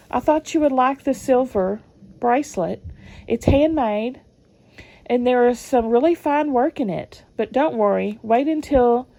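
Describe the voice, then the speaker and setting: A woman's voice: fairly high pitch, creaky, warm tone. A woman, reading old letters aloud and adding chatty comments between them. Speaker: channel host reading family letters.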